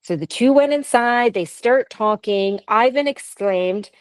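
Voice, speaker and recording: A woman's voice: a little high, unhurried, hardly any pauses, clear, resonant tone, dry recording, low-quality recording. A Canadian woman co-hosting a podcast, telling ghost stories in a casual, chatty way with laughs and asides. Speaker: podcast co-host. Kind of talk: casual chat, storytelling.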